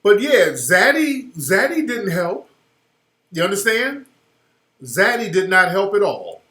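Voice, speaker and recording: High-voiced guy radio host going off over a clip, emphatic, echoey room. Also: very animated, slow. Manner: emphatic, slangy, rising loud when worked up. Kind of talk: opinionated commentary over a video clip. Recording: roomy echoey sound.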